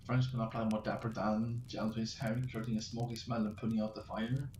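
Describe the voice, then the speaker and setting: A man with a fairly low voice reads his own fantasy story aloud, tripping over words and restarting lines. He sits a little back from the mic in an echoey room with a faint hiss behind him. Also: flat delivery, darkish tone. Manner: halting, stumbling reading with restarts. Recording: roomy, distant mic with faint noise.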